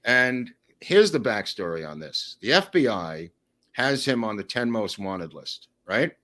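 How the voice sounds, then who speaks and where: A man chatting as a podcast guest, telling animated, rambling stories to the host. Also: lowish voice, a little slow. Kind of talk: casual storytelling.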